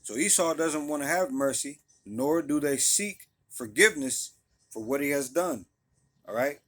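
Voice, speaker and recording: A man's voice: fairly high pitch, expressive, a little slow, a bit bright. A man leading a casual Bible study, reading scripture aloud and then explaining it in loose, conversational talk, often checking in with his listeners. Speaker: Bible teacher.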